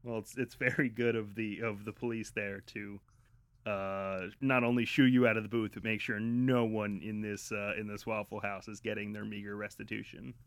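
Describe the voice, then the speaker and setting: A man's voice: lowish voice, little pitch movement, moderate pace, smooth, no room sound. A man co-hosting a podcast, joking in a dry, wordy way during casual banter. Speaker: podcast co-host.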